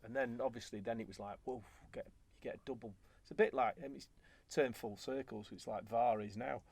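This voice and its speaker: Gravelly man telling lively stories. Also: mid-range voice, brisk, dry recording. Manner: animated, acts out quoted remarks. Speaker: former footballer guest. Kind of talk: conversational storytelling.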